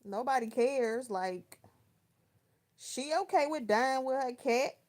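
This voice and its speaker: A woman's voice: high voice, takes it slowly, darkish tone. A woman around thirty from Texas, chatting casually on a livestream, telling stories in slang and answering viewers by name. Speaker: live chat host. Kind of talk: casual livestream chat, reading viewer comments.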